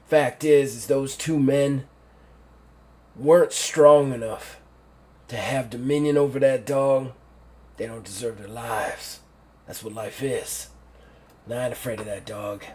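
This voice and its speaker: A man voicing a gruff, ruthless old male general who speaks in blunt, commanding orders. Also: medium pitch, steady tone, a little slow, pauses often, a little mellow, natural voice. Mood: contemptuous.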